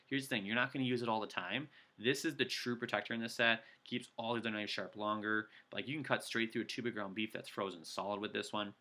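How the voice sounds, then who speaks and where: A man giving an energetic sales training talk, coaching his listeners and acting out customer pitches. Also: quick pace, few pauses. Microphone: video call.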